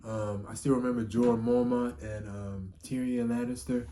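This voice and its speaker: A young man talks through a comic chapter in a loose, rambling way, stacking filler words and cursing freely. His voice sits at an ordinary middle pitch. He drops low and quiet in sad moments, then jumps up loud when something excites him, with a faint hiss of noise behind. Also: normal speed. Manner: rambling, heavy filler words, frequent swearing; emotional, rising to excited outbursts. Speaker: manga reviewer. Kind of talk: casual spoken review.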